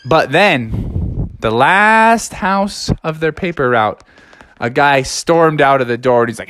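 A man's voice: a little high, animated, slow pace, a bit bright, no echo. A young man improvising a silly story, rambling and playful, laughing along.

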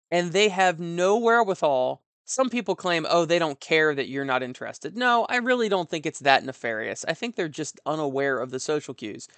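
A young man giving casual advice in a rambling, frank monologue with animated asides. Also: on the high side, moderate pace, few pauses, no room sound. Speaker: tabletop gaming commentator.

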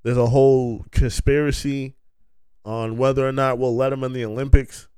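A man's voice: medium pitch, flat delivery, moderate pace, mellow, clean tone, no room sound, clean studio sound. A man hosting a podcast, riffing through a rambling, profane comic monologue with bursts of laughter. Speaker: podcast host.

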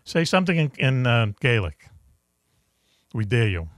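A man hosting a radio talk show in a casual, joking manner, full of fillers and quick laughs. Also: medium pitch, very animated, dry recording, studio quality.

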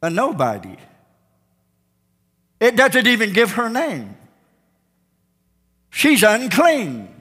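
Male pastor, dramatic sermon delivery; high, brassy tone, church reverb. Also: huge pitch swings, slow pace, long pauses, husky. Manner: dramatic storytelling, swinging from shouts to hushed tones. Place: church sanctuary.

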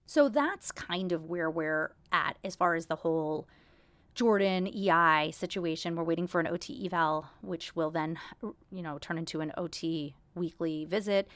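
A woman's voice: on the low side, normal speed, a bit bright, no echo. A woman in her thirties hosting a casual solo podcast, talking candidly in a chatty, self-deprecating way. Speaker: podcast host.

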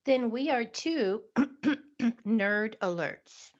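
An older woman co-hosting a podcast with a husky voice, chatting casually and reading a definition aloud. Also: fairly high pitch, extremely slow, highs cut off. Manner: relaxed, brief reactions, reads definitions aloud. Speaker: podcast co-host. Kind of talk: casual chat.

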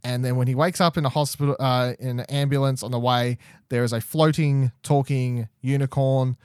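A man's voice: mid-range voice, fairly even intonation, normal speed, clean tone, no room sound, clean studio sound. Chatty man hosting a podcast. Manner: chatty, laughs often. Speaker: podcast host. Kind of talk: casual podcast chat.

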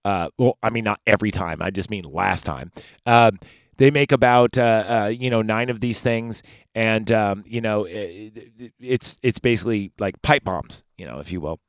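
Low-voiced profane podcast guy. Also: normal speed, no echo, studio quality. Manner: rambling, profane, sarcastic. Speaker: podcast host. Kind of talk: casual movie recap.

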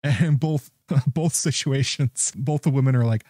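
A man's voice: mid-range voice, measured pace, mellow, no room sound, clean studio sound. A man giving casual, rambling commentary on a TV episode, often chuckling in disbelief. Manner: incredulous, chuckling, rambling with restarts. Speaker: show recap host.

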